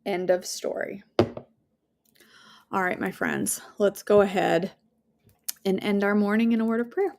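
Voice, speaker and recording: A woman's voice: mid-range voice, moderate pace, gravelly, slight background noise. A woman hosting a daily devotional, talking earnestly and casually and leading a prayer from home. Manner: warm, earnest, conversational, with fillers and asides.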